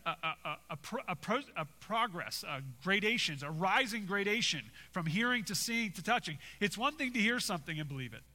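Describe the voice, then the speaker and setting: Brief: male preacher, bright forceful tone, emphatic repeats, echoing sanctuary. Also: high-pitched. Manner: emphatic, repeats phrases, rhetorical "right?". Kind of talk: expository sermon. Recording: long hall reverb.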